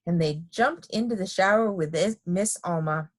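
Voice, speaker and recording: A woman reading a children's picture book aloud in an expressive, lively manner. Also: medium pitch, a little slow, hardly any pauses. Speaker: storybook reader.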